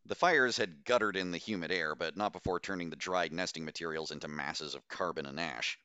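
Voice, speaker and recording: A man reading a science fiction novel aloud in steady, measured audiobook narration. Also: deep voice, clear, resonant tone, no room sound.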